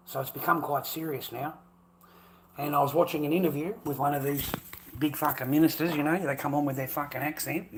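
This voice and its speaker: A man's voice: mid-range voice, noisy background. A man delivering a heated, profane, repetitive rant in a monologue. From Australia. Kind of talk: ranting monologue.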